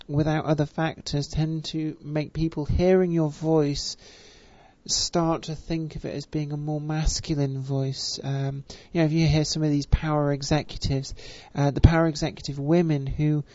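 A voice coach, speaking with deliberately stretched vowels and a careful, refined pronunciation, with frequent fillers. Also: female voice, sits low, flat delivery, warm tone, no echo. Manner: measured, elongated vowels, many fillers. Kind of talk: spoken voice lesson. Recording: dull, dry recording.

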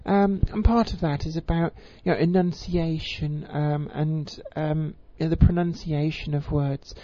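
A woman giving an informal voice tutorial, with crisp, careful enunciation and frequent ums. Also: deep voice, steady tone, measured pace, dark tone, no echo. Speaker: voice coach. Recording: slightly muffled lo-fi recording.

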